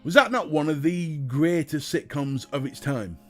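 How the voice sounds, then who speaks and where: A man's voice: fairly high pitch, expressive, moderate pace, soft background music. A British man hosting a casual livestream, chatting to viewers and reading their comments, jokey and talking straight to the chat. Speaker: livestream host.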